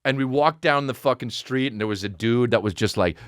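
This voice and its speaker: A man hosting a podcast, telling a comedic story in a profane, animated way that climbs high as he gets excited. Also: fairly quick, no room sound, studio quality. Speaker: podcast host. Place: podcast studio.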